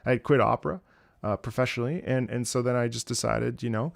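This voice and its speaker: A man's voice: medium pitch, steady tone, fast, gravelly. A man casually chatting with his viewers on a live stream, rambling and joking with chat.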